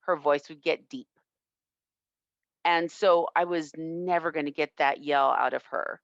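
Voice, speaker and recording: A woman self-defense instructor telling a personal story in an interview, reflective and earnest with halting restarts. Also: deep voice, steady tone, dry recording. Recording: dull lo-fi, dry sound.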